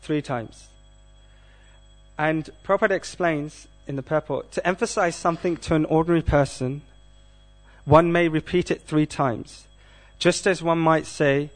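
Man giving a measured scripture class. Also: a little high, steady tone. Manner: measured, asks the audience questions. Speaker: class speaker.

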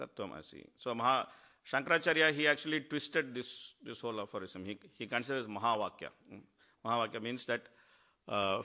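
A man giving a devotional talk, telling stories animatedly and acting out the quotes. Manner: animated storytelling, acts out quotes with rising pitch. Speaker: speaker at a devotional class.

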